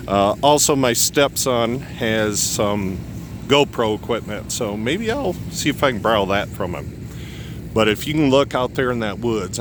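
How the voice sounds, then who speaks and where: A man's voice: fairly low pitch, background noise. A man hosting a casual outdoor vlog from snowy woods, rambling and folksy with lots of ums, a bit out of breath, recorded on a phone. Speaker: channel host. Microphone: phone camera.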